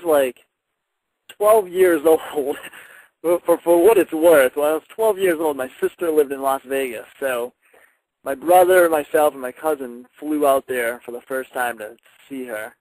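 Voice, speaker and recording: A young man, a wrestler guest on a radio show, telling stories in a casual, animated way and laughing now and then. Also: a little high, moderate pace, no room sound, rough recording. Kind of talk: casual radio interview storytelling.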